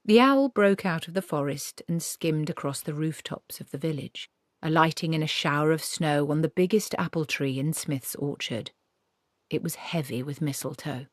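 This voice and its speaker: A woman reading a novel aloud as an audiobook narrator, in measured storytelling. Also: low-pitched, no room sound, studio quality.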